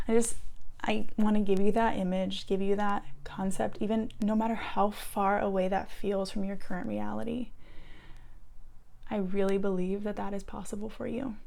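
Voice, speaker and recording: A woman coaching listeners through a guided self-love talk, gentle and earnest, dropping now and then to soft whispers. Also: mid-range voice, vocal fry.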